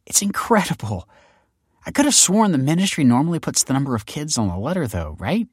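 A man's voice: a little high, very animated, a little fast, slightly rough, no echo, clean studio sound, pitched above the performer's own voice. Man doing a gushing, cooing new mother. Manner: bubbly, cooing, chatty.

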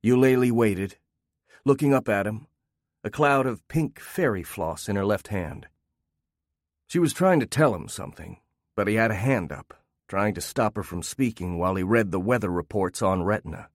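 A man narrating a fiction story in a measured, steady reading on a close mic. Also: fairly low pitch, dry recording.

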